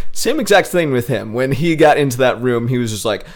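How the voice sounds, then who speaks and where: A young man on a gaming podcast, chatting casually in an easygoing, mid-pitched voice. He tells stories with excitement and animation, the way a podcast co-host talks with friends. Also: moderate pace. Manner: excited storytelling, breaks into laughter and squeaky character voices.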